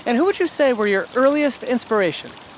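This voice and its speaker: A woman interviewer asking quick-fire questions, upbeat and lively, speaking outdoors. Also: fairly high pitch, slight background noise. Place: outdoors in countryside.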